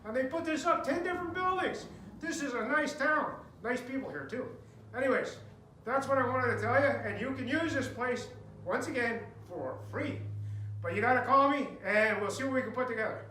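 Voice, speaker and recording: A theater venue owner gives a jokey, folksy, rambling address on the stage of a barn theater, where the room echoes. His extremely high voice is pushed and bright at a moderate pace, with slight background noise.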